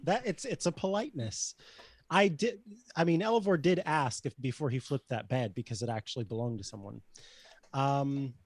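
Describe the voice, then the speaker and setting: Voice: medium pitch, moderate pace, dry recording. Dry-sounding player in a tabletop game. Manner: animated, playful in character.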